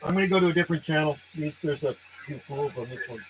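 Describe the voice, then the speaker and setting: Man, CB operator, high voice, friendly call-sign chatter, loud static behind. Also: quick pace. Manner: friendly, repeats call signs, easygoing chatter. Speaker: CB radio operator. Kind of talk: radio calling with call signs.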